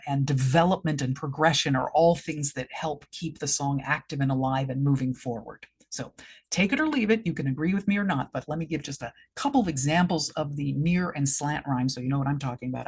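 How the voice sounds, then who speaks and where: A middle-aged woman director gives feedback in an explanatory vlog, working through her points with frequent restarts. She taps out beats aloud to demonstrate stresses, and her low-pitched voice is slightly rough.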